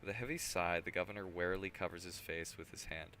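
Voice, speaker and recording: A man's voice: deep voice, fast, pushed and bright, slight background noise. A man streaming a game, reading its narration aloud with casual, drowsy asides.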